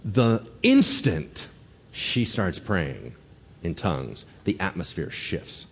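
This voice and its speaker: A man's voice: deep voice, slow pace, slightly rough, big-room sound. A man preaching a sermon as pastor, telling stories animatedly and acting out the lines people said. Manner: animated storytelling, acting out quotes.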